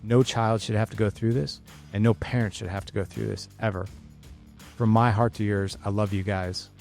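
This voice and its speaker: A man's voice: fairly low pitch, a little mellow. A man in his fifties hosting a solo podcast, speaking with urgency and passion and repeating key points for emphasis. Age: 50s. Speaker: podcast host.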